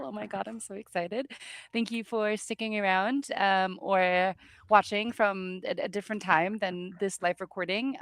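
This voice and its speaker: A woman's voice: mid-range voice, no room sound. Woman player, self-deprecating and giggly, dry room. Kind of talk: casual chat.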